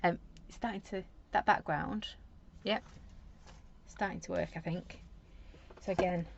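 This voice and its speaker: A woman's voice: fairly low pitch, fairly even intonation, a little slow, gravelly, dull audio, noisy background. A woman giving a chatty live craft demo at her desk at home, rambling and talking to herself as she works. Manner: rambling, talks to herself while working. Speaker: craft demonstrator.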